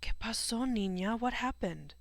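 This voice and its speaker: Brief: soft-spoken older-man neighbor, put on by a woman, dry close sound. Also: fairly low pitch, steady tone, fairly quick, creaky, dry recording. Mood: shocked. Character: kindly middle-aged male rancher neighbor.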